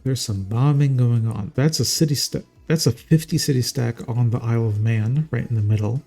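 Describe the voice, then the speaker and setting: A man's voice: mid-range voice, normal speed, creaky, warm tone, soft background music. A man casting a strategy game live in a casual, jokey, chatty way. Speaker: game caster.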